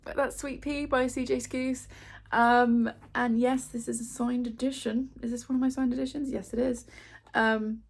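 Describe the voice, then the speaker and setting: A woman's voice: fairly high pitch, little pitch movement, moderate pace. A young woman from England chatting to camera, with a chatty, self-deprecating manner and many fillers. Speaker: booktuber. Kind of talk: casual chat to camera.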